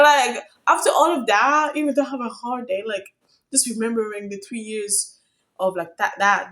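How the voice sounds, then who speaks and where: A young woman from Africa telling a story in a casual vlog, chatty and excitable, getting loud when thrilled. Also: on the high side. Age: young adult. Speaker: vlogger.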